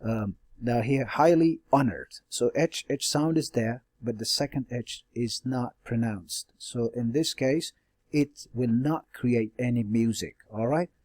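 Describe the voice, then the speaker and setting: A man's voice: mid-range voice, measured pace, darkish tone, dry recording. A male teacher giving a classroom lecture, explaining step by step with many fillers and frequent checks like "all right?". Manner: hesitant fillers and self-corrections. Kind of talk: classroom lecture on stylistic devices.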